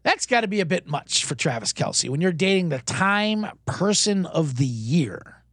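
A man's voice: a little high, big pitch swings, normal speed, a bit bright, slightly rough, no room sound. A man hosting a sports betting show, rambling casually and poking fun at himself with rhetorical questions. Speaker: host.

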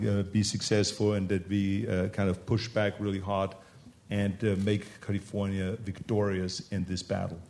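Emphatic low-voiced man, governor at a panel. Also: vocal fry, darkish tone. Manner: emphatic, repeats points, frequent fillers. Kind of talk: panel discussion on policy.

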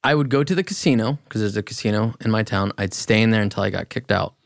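A man's voice: fairly low pitch, fast, gravelly, no echo. A man speaking as a podcast guest, talking about his past in a candid, plainspoken way. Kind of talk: casual interview talk.

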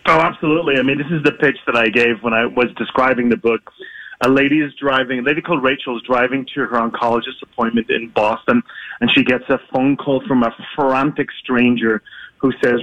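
A man's voice: mid-range voice, steady tone, fairly quick, a bit bright, no echo, muffled recording. A man with an Irish accent, a guest author talking enthusiastically about his book in a remote interview from his apartment.

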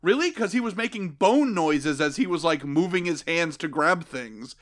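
A man's voice: on the high side, animated, normal speed, a bit bright. Sarcastic, profane man recapping a cartoon. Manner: sarcastic, profane, acts out quotes in jokey voices. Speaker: podcast co-host. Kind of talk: casual comedic recap chat.

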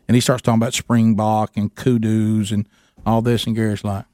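A man telling an animated story with lots of restarts, chatting casually as co-host. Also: fairly low pitch, fairly quick, dry recording, clean studio sound. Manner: animated storyteller, many restarts, imitates others.

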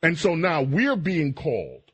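Combative husky male radio host. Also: on the high side, a little slow. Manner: combative, lively, rising to outrage. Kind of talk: heated political talk radio.

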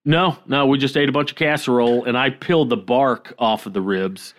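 A man co-hosting a podcast, telling a story in a relaxed way with many pauses and self-deprecating laughs. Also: medium pitch. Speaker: podcast co-host. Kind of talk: casual chat.

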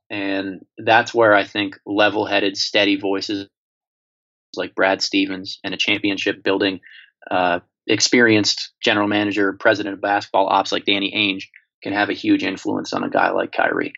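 Deep-voiced man analyzing basketball. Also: vocal fry. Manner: measured, analytical, steady. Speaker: podcast co-host. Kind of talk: casual sports podcast chat. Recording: slightly dull lo-fi audio.

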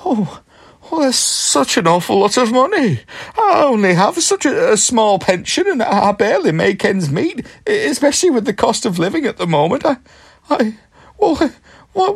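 An actress playing a frail elderly pensioner, stammering, fretful and tearful on the phone. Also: female voice, a little high, big pitch swings, moderate pace, breathy edge, full character voice. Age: older.

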